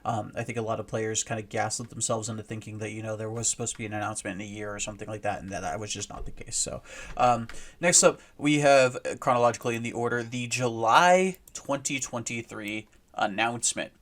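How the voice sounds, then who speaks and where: A man's voice: lowish voice, fast, fairly bright tone. A man hosting a casual commentary video, talking in a rambling way with lots of fillers and restarts. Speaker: host.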